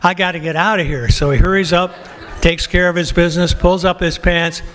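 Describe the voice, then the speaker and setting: A man's voice: high voice, fairly even intonation, fairly quick, background noise. An older man presenting an award, telling a long comic anecdote and acting out the quotes with laughter. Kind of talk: anecdote at a banquet podium.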